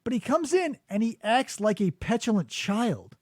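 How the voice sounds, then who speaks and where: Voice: medium pitch, very animated, moderate pace, a little mellow, no room sound. A podcast host riffing sarcastically in casual comedic chat, breaking into impressions, on a studio microphone.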